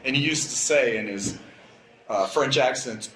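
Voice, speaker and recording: A man's voice: medium pitch, measured pace. Brief: older male presenter, chatty and wry, roomy hall sound, faint background hum. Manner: relaxed, chatty, wry asides. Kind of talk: live presentation talk. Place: event room. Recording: echoey room with faint ambience.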